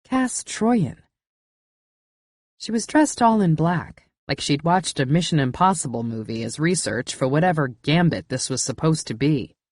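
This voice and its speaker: A woman narrating a first-person thriller audiobook in a measured, intimate way on a close studio mic. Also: deep voice, expressive, a little mellow, no echo.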